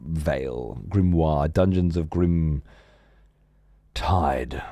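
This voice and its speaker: A man's voice: very deep voice, slow, long pauses, warm tone, no echo, highs cut off. A middle-aged man streaming games, chatting casually in a rambling, profane way with many restarts. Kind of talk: casual gaming stream chat.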